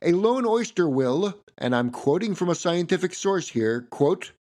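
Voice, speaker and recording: A man's voice: sits high, very animated, measured pace, hardly any pauses, a little mellow. A man hosting a history podcast, reading a script in a playful way with wry asides.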